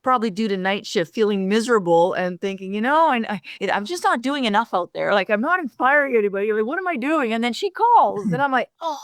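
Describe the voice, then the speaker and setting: A woman co-hosting a podcast, telling stories in a lively way with many restarts. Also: a little high, quick pace, hardly any pauses, dry recording, clean studio sound. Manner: animated storyteller, frequent restarts. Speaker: podcast co-host. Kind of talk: casual conversation.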